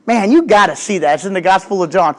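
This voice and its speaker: A man's voice: high-pitched, animated, quick pace. A man preaching a sermon, telling a Bible story in a chatty way, with jokes and acted-out quotes, and talking straight to his congregation. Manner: conversational, addresses the congregation directly. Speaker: pastor.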